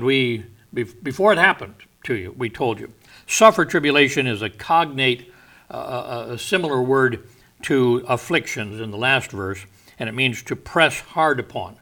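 A man teaching a verse-by-verse Bible study, stressing and defining key words at a measured, deliberate pace. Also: mid-range voice, lively intonation, fairly bright tone.

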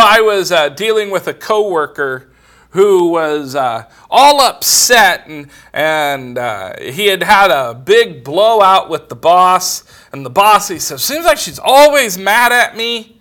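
The middle-aged preacher here has a high-sitting, sharp voice. His sermon is built from everyday anecdotes told simply and conversationally, with quoted exchanges.

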